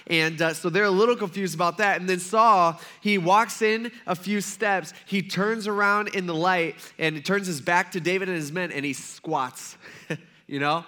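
Man, pastor, sermon, bright tone, high voice, lively storytelling, casual delivery. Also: fairly quick. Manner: animated storytelling, acting out quoted voices; casual, conversational with fillers.

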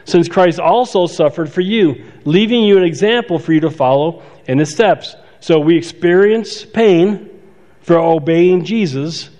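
A pastor giving a conversational sermon, stopping to restart phrases and add asides. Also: male voice, fairly high pitch, unhurried, a little mellow. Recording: dull sound with long hall reverb.

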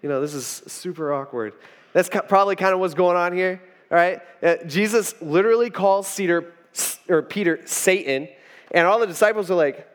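A man's voice: sits high, moderate pace. A man preaching a casual storytelling sermon, chatty and full of fillers, acting out the quotes. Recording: reverberant hall.

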